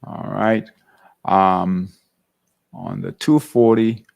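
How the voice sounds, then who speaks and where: A man's voice: lowish voice, fairly even intonation, extremely slow, creaky, clean tone. A man hosting a live trading workshop, thinking aloud over charts and checking in with "all right?" between phrases. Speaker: trading show host.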